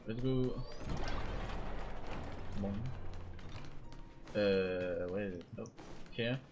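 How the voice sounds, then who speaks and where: A man's voice: lowish voice, measured pace, over music. A young man streaming a game, chatting casually and reacting as he plays. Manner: chatty, reacting, mumbling asides.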